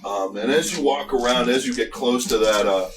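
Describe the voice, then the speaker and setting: A man's voice: medium pitch, moderate pace. A young man as dungeon master, narrating loosely with lots of fillers, recorded from a distance with music behind. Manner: loose, filler-heavy, laughs a lot. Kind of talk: running a tabletop game, casual. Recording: distant mic with background music.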